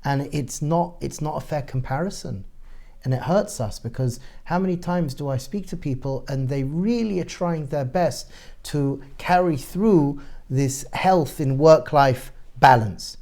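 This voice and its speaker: A middle-aged man, a rabbi, talking as a guest in a conversational discussion, telling stories and growing animated as he goes. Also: on the high side, a little slow. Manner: storytelling, grows animated and louder describing family chaos.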